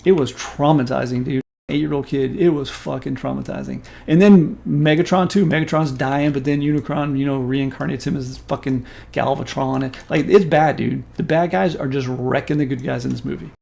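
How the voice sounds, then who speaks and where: A man in his forties, a stream host, telling a story in casual chat in an animated, profane and emphatic way. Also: medium pitch, moderate pace, gravelly, few pauses.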